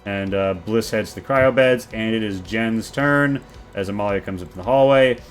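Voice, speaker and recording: Low-voiced man running a tabletop game, loose narration, faint music behind. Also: normal speed. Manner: loose, filler-heavy narration. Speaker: game master.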